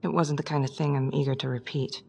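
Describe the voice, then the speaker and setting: An actress voicing a tough, defensive police detective in a game who answers curtly. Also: female voice, very deep voice, level tone, quick pace, vocal fry, a little mellow, a little hiss or hum, heavily acted. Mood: guarded. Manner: curt, defensive.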